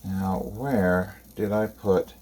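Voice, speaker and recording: A man's voice: low-pitched, steady tone, slow, darkish tone, slight background noise. A man hosting a casual home cooking vlog, chuckling now and then and talking with his mouth full. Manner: chuckling, talking while eating. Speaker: video host.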